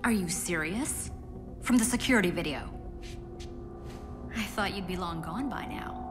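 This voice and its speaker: A pushy TV news reporter. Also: female voice, on the low side, expressive, measured pace. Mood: pushy, skeptical. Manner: pushy, skeptical. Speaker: game character in a cutscene. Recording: game cutscene with music behind.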